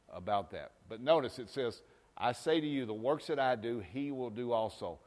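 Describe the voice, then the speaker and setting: A male pastor preaching a folksy sermon, swinging from loud exhortations to quiet asides. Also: medium pitch, moderate pace.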